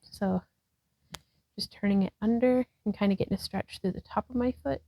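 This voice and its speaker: A woman's voice: medium pitch, normal speed, gravelly, no room sound, rough recording. A woman leading a yoga practice, cueing breaths and poses, sometimes breathless and laughing at herself. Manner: laughs at herself, relaxed and chatty between cues. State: out of breath at times. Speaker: yoga instructor. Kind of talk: guided yoga practice, self-talk. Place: indoors at home by a wall.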